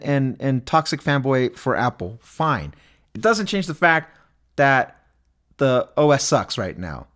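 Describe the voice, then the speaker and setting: A man's voice: medium pitch, a bit bright. A man hosting his own podcast, ranting casually and with exasperation, thinking aloud with many restarts. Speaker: podcast host. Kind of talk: casual solo podcast rant. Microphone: podcast mic recorded into streaming software.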